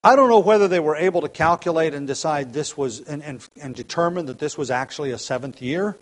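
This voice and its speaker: A man preaching a sermon at an evening church gathering, earnest and deliberate, slowing down and rising in force on key points. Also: on the high side, poor audio. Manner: earnest, builds emphasis by slowing down and getting louder.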